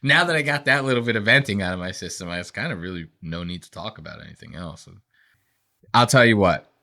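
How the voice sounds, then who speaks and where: Podcast guy ranting and swearing, bright voice that jumps all over. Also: on the low side, animated, quick pace. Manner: profane, ranting, acts out quotes in voices. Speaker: podcast host. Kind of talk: casual podcast rant.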